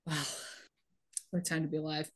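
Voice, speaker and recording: A woman's voice: low voice, monotone, a little fast. Wry woman recapping a show. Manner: wry, sarcastic, reads out lines with light voices. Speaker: podcast co-host recapping a TV show. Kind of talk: casual chat recap.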